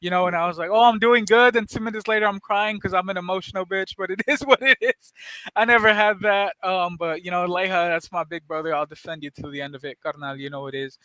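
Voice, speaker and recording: A man hosts a casual podcast, trading loose, profane stories and laughing as he goes. His voice sits high and bright, smooth and crisp, recorded close and dry with no room around it. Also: steady tone, fast, no room sound. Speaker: podcast host. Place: San Antonio area.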